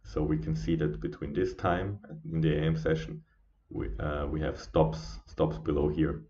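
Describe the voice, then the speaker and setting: A tired man talking casually through a live trading stream as its host, halting with many fillers and restarts. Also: extremely low pitch, steady tone, dark tone, a little hiss or hum. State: sleepy, yawning. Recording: dull lo-fi stream audio.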